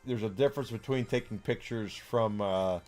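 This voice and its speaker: A man's voice: lowish voice, moderate pace, a little mellow, faint music behind. A man in his forties chatting casually and outspokenly as a streamer, rambling with many fillers. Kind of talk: casual chat while gaming.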